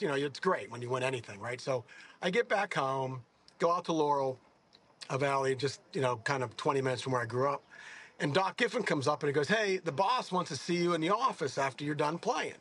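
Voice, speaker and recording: Guy in his 60s, husky voice, kinda high, rambles and restarts a lot while telling stories. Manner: rambling, self-correcting, animated. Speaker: golfer. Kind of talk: casual storytelling interview.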